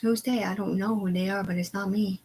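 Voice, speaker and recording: A woman ranting on a live stream, agitated and profane, rambling in disjointed bursts that sink to quiet mumbling. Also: medium pitch, fairly even intonation, fairly quick, husky, rough recording. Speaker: livestreamer. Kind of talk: unscripted live stream rant.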